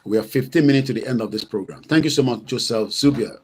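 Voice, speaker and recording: A man's voice: mid-range voice, fast talker, darkish tone, slight background noise. A middle-aged Nigerian man hosting his own online show, giving a heated, combative commentary. He scolds and repeats himself and greets viewers by name.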